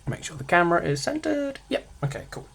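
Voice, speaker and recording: A man's voice: high voice, big pitch swings, brisk, creaky, a bit bright, husky. Guy tutoring a revision lesson, chatty and jokey, voice bouncing up and down a lot. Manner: chatty, jokey asides, stresses single words.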